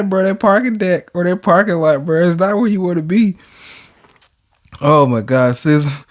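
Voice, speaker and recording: Excitable, laughing man reacting to manga. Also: a little high, moderate pace. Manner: laughing often, profane, excitable slang. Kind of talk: casual reaction commentary.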